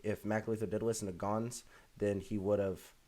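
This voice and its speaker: A man's voice: lowish voice, little pitch movement, normal speed, dark tone. A man hosting a reaction video, chatting casually with lots of fillers and restarts. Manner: rambling, many fillers and restarts.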